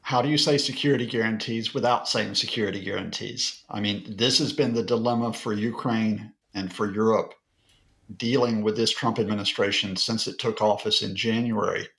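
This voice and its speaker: A man's voice: lowish voice, fairly even intonation, normal speed, gravelly, a bit bright. A male professor being interviewed as a guest analyst, explaining at length in a lecture-like way with occasional fillers. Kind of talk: broadcast interview.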